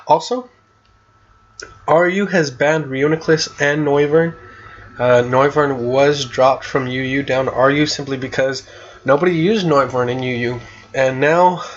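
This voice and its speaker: Male YouTuber, mid-pitched, easygoing and chatty, hiccupy, somewhat muffled recording. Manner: laid-back, chatty, with fillers and little laughs. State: has the hiccups. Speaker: gaming YouTuber. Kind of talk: casual commentary on competitive play.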